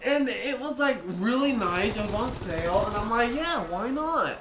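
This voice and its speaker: A young man with a slightly high voice rambles through a casual storytime vlog and keeps slipping into quick impressions of the people he met. The recording sounds like it was made in an echoey room with steady background noise behind him. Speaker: vlogger. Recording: echoey room, noisy ambience.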